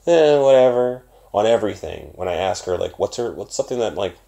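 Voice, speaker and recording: Young male vlogger, deep gravelly voice, profane, rambling, loud then mumbling. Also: brisk. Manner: profane, animated, swings between loud and mumbled. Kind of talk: casual rambling monologue.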